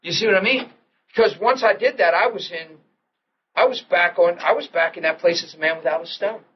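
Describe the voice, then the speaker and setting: Animated high-voiced man preaching. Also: a little fast. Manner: animated storytelling, acting out quotes, laughing. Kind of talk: sermon. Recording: dull lo-fi archival audio with faint hiss.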